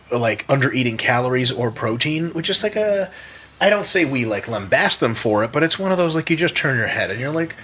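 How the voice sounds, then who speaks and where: A man's voice: mid-range voice, a bit bright, slight background noise. A man from the United States, a podcast guest in casual chat, blunt and jokey, swearing freely. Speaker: podcast guest, sports scientist.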